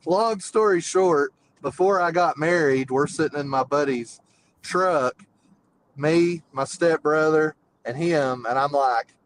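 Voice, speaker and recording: A man's voice: on the high side, measured pace, slight background noise, poor audio. Rambling man telling a story. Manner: rambling, fillers, drawl. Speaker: caller. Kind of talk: casual storytelling.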